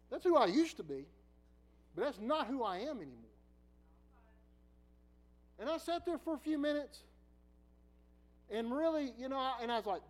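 A middle-aged man preacher telling a personal story in a sermon, laughing often and swinging from quiet asides to loud bursts. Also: sits high, animated, moderate pace, pauses often, poor audio.

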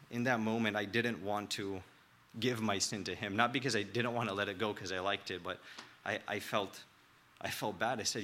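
A young man preaching a sermon in an earnest, halting way, with many restarts and filler words. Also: fairly low pitch, fairly even intonation, bright, forceful tone.

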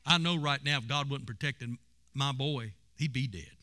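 A man's voice: medium pitch, moderate pace, bright, forceful tone. A man preaching a sermon and telling stories with emphasis. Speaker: pastor.

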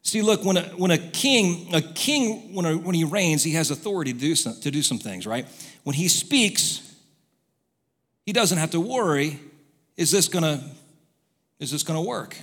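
A man preaching a sermon, telling stories and moving between quiet asides and loud exhortation. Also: on the high side, big pitch swings, normal speed. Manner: storytelling, swings from soft to loud exhortation. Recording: long hall reverb.

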